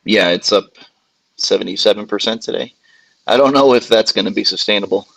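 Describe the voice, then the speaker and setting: A man's voice: lowish voice, brisk, vocal fry, a bit bright, no room sound, poor audio. A man chatting casually in a stock discussion group, easygoing and cautious. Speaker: regular in a stock chat.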